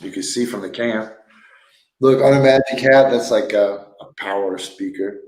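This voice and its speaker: A man's voice: lowish voice, moderate pace, darkish tone. Man, livestream host, casual storytelling, laughs a lot, echoey bare room. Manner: rambling, joking, laughs often. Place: sparse room at home.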